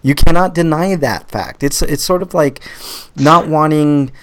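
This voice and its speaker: A man hosting a live podcast in casual chat, animated and swearing, often repeating words as he starts. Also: on the high side, measured pace, slight background noise. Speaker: podcast host.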